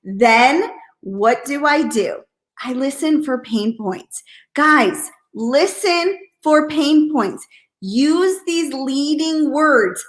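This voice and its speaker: High-voiced, blunt woman coaching sales. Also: extremely slow. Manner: energetic, blunt, repeats catchphrases, asks "okay?"; acts out hesitant and excited voices. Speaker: network marketing coach. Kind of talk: live training stream.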